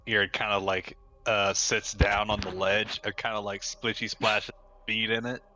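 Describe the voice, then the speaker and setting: A man's voice: on the low side, level tone, measured pace, bright, forceful tone, a little hiss or hum. A man playing in a tabletop role-playing game, curious and full of questions. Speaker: player. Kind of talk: casual tabletop role-play.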